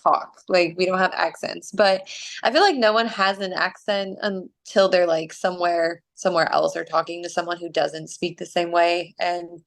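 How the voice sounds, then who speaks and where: A woman's voice: on the low side, fairly even intonation, gravelly. Chatty woman from Arizona. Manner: chatty, with quick laughs and fillers. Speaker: podcast host. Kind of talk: casual chat.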